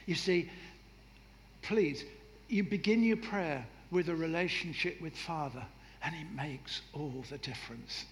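Male preacher, high voice, lively and humorous, in a reverberant hall with faint noise. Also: unhurried. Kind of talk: sermon.

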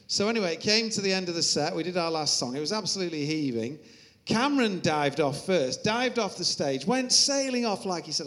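Earnest man with a fairly high voice. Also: animated, fairly quick, fairly bright tone. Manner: earnest, then self-mocking and laughing. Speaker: Christian musician, interview guest. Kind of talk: anecdotal interview talk.

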